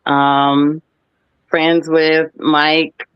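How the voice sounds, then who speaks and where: Brief: playful, animated woman in her thirties, casual guest talk, dry muffled call audio. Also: deep voice, very slow, clean tone, dry recording. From United States. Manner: lively, playful, animated when retelling stories. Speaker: guest actress. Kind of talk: casual interview storytelling. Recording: dull lo-fi, dry sound.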